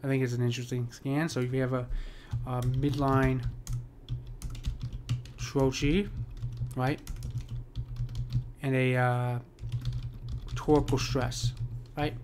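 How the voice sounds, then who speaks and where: Man, poetry teacher, casual lesson, monotone delivery, frequent "right?", mid-pitched voice. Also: slow, long pauses, noisy background. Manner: casual, many fillers and "right?" checks. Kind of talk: screen-share lesson.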